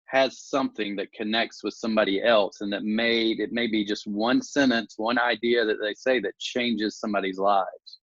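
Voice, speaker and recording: A man's voice: on the low side, steady tone, moderate pace, hardly any pauses, a bit bright, no echo. A man hosting an interview, speaking reflectively and encouragingly in long musing sentences. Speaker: interview host. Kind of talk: casual interview conversation. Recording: dry, dull lo-fi sound.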